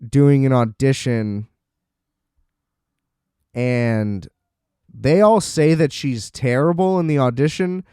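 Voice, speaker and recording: A man's voice: medium pitch, takes it slowly, pauses often, warm tone, clear, resonant tone, no echo, clean studio sound. A man hosting a podcast, ranting sarcastically about a film, exasperated and laughing often. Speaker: podcast host. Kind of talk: casual rant review.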